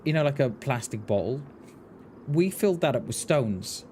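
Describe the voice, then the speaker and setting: Streamer guy ranting, swears a lot, lively up and down delivery, faint hiss behind. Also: on the high side. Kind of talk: casual chat while gaming.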